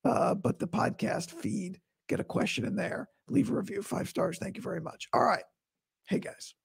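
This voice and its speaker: A man with a hoarse, rough voice, recovering from vocal cord surgery, hosting a casual solo sports podcast in a blunt, opinionated way. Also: high voice, animated, moderate pace. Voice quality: rough, breathy voice dropping into whispers. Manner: blunt, opinionated, talks straight to listeners.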